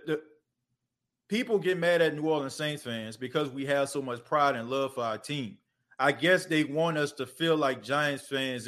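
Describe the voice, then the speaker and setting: A man's voice: medium pitch, a bit bright. A man hosting a casual sports podcast, talking loosely and conversationally and using lots of filler phrases. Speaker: podcast host.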